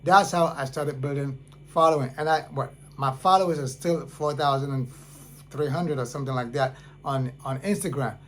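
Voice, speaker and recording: A man talks casually to his audience. He tells stories in an earnest way and repeats phrases to drive his point home. A faint hum runs under the recording. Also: fairly high pitch. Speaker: independent artist, channel host. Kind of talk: casual talk to camera.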